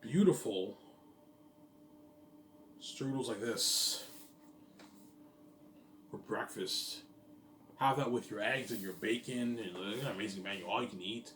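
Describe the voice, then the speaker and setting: A man's voice: on the low side, unhurried, long pauses. Rambling man in an echoey room. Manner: repetitive, keeps saying "yeah, man" and "look at that". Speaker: vlogger describing his company plans. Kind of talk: casual rambling monologue. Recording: echoey room, distant mic, faint ambient noise.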